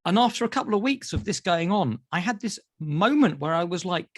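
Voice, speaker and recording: A British man, a therapist, telling animated stories in an interview and acting out voices. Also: sits high, a little fast, few pauses, no echo, studio quality. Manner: acts out voices in anecdotes. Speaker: therapist guest.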